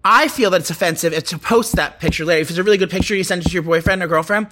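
A man co-hosting a casual podcast chat, gossipy and talking in quick bursts. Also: high-pitched, bright, forceful tone, a little hiss or hum. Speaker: co-host.

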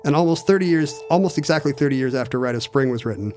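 A man's voice: mid-range voice, expressive, quick pace, darkish tone, soft background music. A man chatting casually, telling a long story with many restarts and fillers. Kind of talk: casual podcast chat.

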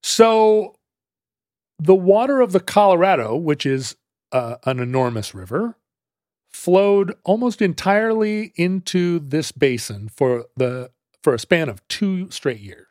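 A man's voice: high voice, big pitch swings, unhurried, a little mellow, no echo. Rambling male podcast storyteller, dry sound. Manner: rambling storyteller, frequent restarts and fillers, laughs easily. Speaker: podcast co-host explaining history. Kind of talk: casual conversational explanation.

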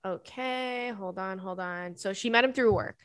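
A woman's voice: mid-range voice, a little slow, fairly bright tone, clean tone, no echo, clean studio sound. A woman in her thirties hosting a podcast, reading listener emails in a casual chat full of laughing tangents and swearing.

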